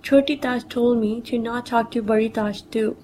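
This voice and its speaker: A woman's voice: a little high, steady tone, moderate pace, darkish tone, slight background noise, low-quality recording. A woman reading a personal memoir story aloud, telling it plainly and quoting others in her own voice.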